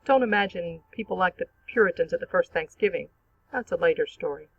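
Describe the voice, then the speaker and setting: A teacher giving a clear, measured, scripted narration for an online literature lesson. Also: mid-range voice, animated, a bit bright, dry recording, highs cut off. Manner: clear, measured explanatory reading.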